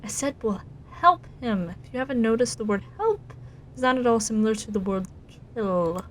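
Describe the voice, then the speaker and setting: Woman reading a gentle young boy hero. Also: on the high side, lively intonation, moderate pace, a little hiss or hum, close to an everyday voice, low-quality recording. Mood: earnest. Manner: gentle, earnest.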